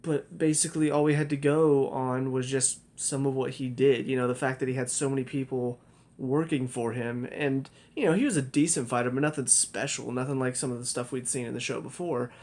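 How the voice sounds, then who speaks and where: A man's voice: medium pitch, steady tone, brisk, a little mellow. A young man giving a casual spoken review, talking in a loose, rambling way with lots of fillers and restarts. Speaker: TV show reviewer.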